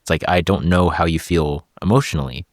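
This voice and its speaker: A man with a very deep, low voice talks reflectively in a casual podcast conversation. He works through his points with small hesitant restarts. The sound is dry and close, with no room sound. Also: fairly quick, no echo.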